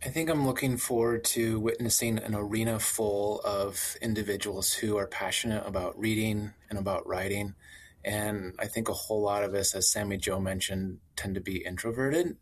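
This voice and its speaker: A man with a somewhat low voice speaks articulately and wryly as a radio guest. His phrasing is full and composed. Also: steady tone, moderate pace. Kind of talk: casual radio interview chat.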